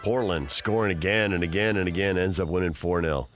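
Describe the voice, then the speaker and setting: Lower-voiced male radio host, steady and informative, with segment and sponsor reads. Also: soft background music. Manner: measured, informative. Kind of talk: sports radio hosting and reads.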